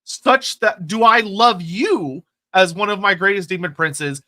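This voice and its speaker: Guy doing a lofty god handing down judgment, slow and stately, bright voice. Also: high-pitched, heavily acted. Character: imperious deity dispensing judgment.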